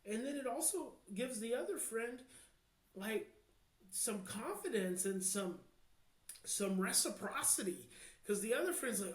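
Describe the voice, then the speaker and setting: American man, earnest podcast guest, hushed then emphatic, roomy echo. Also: sits high, lively intonation. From United States. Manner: passionate, slows down to near-hushed then swells with emphasis. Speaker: guest, child behavior expert. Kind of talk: podcast interview, earnest advice.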